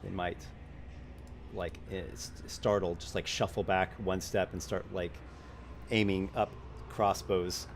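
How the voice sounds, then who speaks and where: A man running a tabletop role-playing game as game master, describing scenes in halting narration full of fillers. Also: low voice, steady tone, slight background noise.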